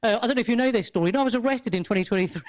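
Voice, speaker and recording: A woman, a podcast guest who tells a story in casual chat, animated, swearing freely and laughing often. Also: on the high side, racing, slight background noise.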